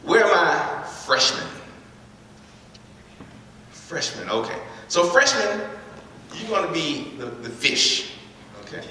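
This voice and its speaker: Man workshop leader, brisk crowd prompts, long hall reverb, faint room hiss. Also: on the high side. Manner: repeats words, energetic crowd prompts. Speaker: speaker leading a school workshop. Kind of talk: interactive talk to students. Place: large echoey school hall. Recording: echoey hall recorded from far off.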